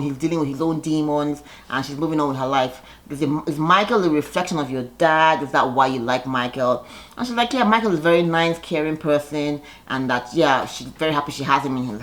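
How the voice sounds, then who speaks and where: A woman giving a casual, gossipy recap of a reality show, chatty and animated when she quotes people. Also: sits low.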